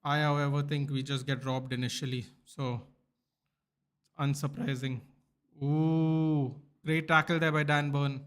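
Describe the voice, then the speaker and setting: A man's voice: fairly high pitch, unhurried, clean tone. A man hosting a live football watchalong, chatting casually with viewers and reading out their comments. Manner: chatty, rambling, reads out viewer comments and answers them; bursts into loud excited shouts at near misses. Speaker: livestream host.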